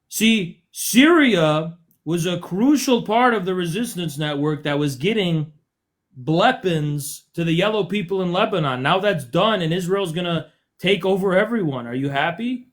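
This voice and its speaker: In a heated livestream argument, a US host spars with his callers, mocking and combative. He has a high-pitched, expressive voice and keeps a measured pace.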